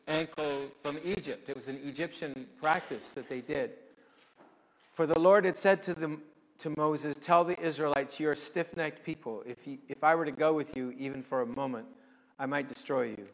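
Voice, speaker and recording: A man's voice: fairly high pitch, steady tone, moderate pace. Man preaching in a reverberant hall. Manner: conversational with dramatic swings in loudness. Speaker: pastor. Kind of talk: sermon.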